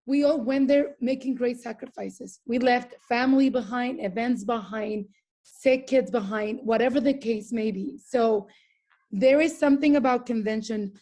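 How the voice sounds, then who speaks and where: A woman's voice: fairly high pitch, moderate pace, warm tone. A woman team coach giving an earnest, urging motivational talk on a group call.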